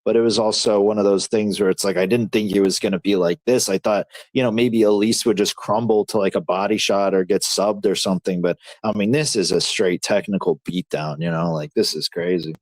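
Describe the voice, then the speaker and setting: A man hosting a livestream, reacting excitedly to fights as they happen and reading chat in a slangy, casual way. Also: on the low side, brisk, few pauses, dry recording. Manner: excitable, slangy, talks to chat as dude and bro. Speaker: livestream host.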